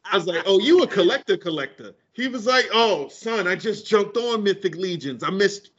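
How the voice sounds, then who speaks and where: A man's voice: high-pitched, expressive, normal speed, fairly bright tone, slightly rough. A man on a casual podcast, telling a story and acting out every line of dialogue, with heavy slang and cursing, recorded in dull lo-fi audio. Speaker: podcast co-host.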